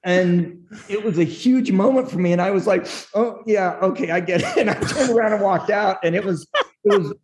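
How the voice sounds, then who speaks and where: A middle-aged screenwriter telling candid stories in an interview, acting out quotes and laughing often. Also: male voice, high-pitched, brisk, a little hiss or hum. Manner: animated storyteller, acts out quotes, laughs often. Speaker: screenwriter guest.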